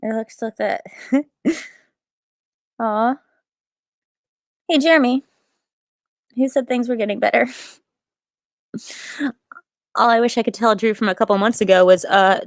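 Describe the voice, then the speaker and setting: A woman with a fairly high voice hosts a stream from a small old-house attic, speaking unhurriedly with long pauses. She reads chat messages, rambling in a relaxed way, joking at her own expense and ending lines with upspeak. Audio is clean and studio-like, free of room sound.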